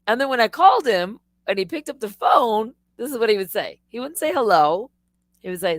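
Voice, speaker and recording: A middle-aged woman hosting a live stream, telling stories in a rambling, animated way with swearing and restarts. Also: medium pitch, a little fast, no echo. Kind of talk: casual live-stream monologue.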